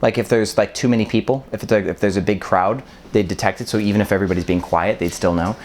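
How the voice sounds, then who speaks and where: A man's voice: lowish voice, steady tone, fast, a little mellow, a little hiss or hum. A man from Wisconsin in his thirties, vlogging casually with lots of ums, speaking with a mostly neutral American accent that has a faint Wisconsin trace. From Wisconsin, USA. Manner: rambling, many ums, loose and chatty. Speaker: vlogger, short-term rental host. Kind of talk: casual vlog talk to camera. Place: indoors, apartment full of boxes.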